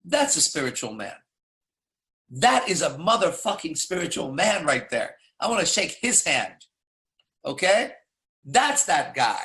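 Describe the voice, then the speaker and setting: A man's voice: on the high side, very animated, unhurried, pushed and bright. A man coaching in a blunt, profane casual monologue, firing off rhetorical questions. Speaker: dating coach.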